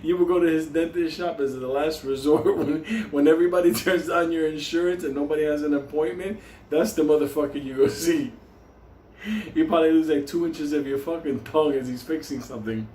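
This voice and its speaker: A man's voice: on the high side, fairly even intonation, fairly quick, warm tone. A man from New York telling a story casually, swearing constantly and laughing through his words. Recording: roomy echo, faint hum.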